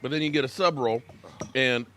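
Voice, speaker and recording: A man's voice: medium pitch, brisk, fairly bright tone, slight background noise. An American man hosting a casual live sports reaction stream, chatting with viewers by name and talking while he eats.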